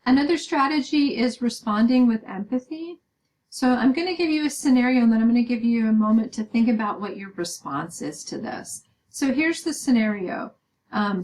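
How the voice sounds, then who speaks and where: A woman's voice: a little high, a little fast, darkish tone, low-quality recording. A woman giving a recorded lecture, explaining step by step with many "um"s and "right?" checks. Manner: explaining with frequent "um" and "right?" tag questions.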